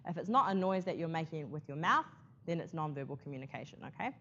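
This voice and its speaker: A woman's voice: sits low, expressive, quick pace, pushed and bright, slight background noise. A woman teaching a class about presentation skills, chatty, checking in often with "okay?". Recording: muffled classroom recording.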